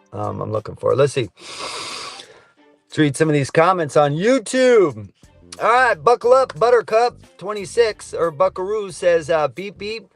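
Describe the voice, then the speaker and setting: Middle-aged trucker streamer, gravelly voice, casual and earnest, faint music behind. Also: male voice, medium pitch. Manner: rambling, earnest, says man and brother a lot. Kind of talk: casual live stream chat reading comments. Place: truck cab.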